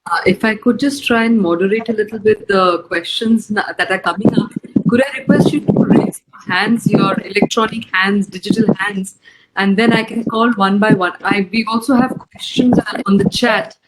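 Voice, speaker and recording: A woman moderating an online Q&A session, speaking politely and filling pauses with "uh". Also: mid-range voice, fairly even intonation. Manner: polite, courteous, fills pauses with "uh". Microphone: video call. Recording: loud background noise on a call.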